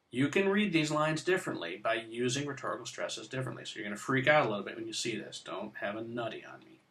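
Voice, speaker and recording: A man lectures on poetry in a casual, teasing tone. His voice is bright and cuts through. He stresses words sharply as he reads lines aloud. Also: mid-range voice, animated, fast talker, hardly any pauses. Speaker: poetry teacher. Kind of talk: recorded lecture.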